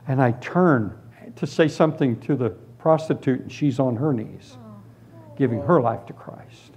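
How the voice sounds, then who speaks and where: A man preaching and giving his personal testimony, telling it as a lively story and acting out the other people in it. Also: medium pitch, measured pace, highs cut off, slight background noise. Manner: animated storytelling, acts out voices. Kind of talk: testimony sermon.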